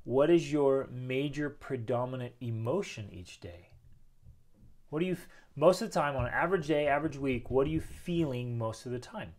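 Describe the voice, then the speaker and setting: Man, thirties, home talk, emphatic host, rhetorical questions, middle pitch. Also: normal speed, a little mellow. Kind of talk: motivational talk to camera. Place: home with children playing nearby.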